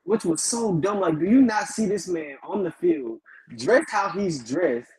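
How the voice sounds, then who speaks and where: A woman co-hosting a podcast in casual chat, chiming in with quick agreement. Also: fairly low pitch, animated, a crowd in the background, poor audio. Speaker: podcast co-host.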